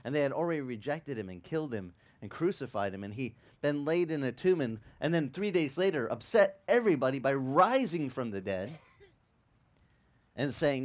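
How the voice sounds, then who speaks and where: Animated storytelling male pastor. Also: medium pitch, normal speed. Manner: lively storytelling, acts out quotes, stammering restarts. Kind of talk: sermon. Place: church.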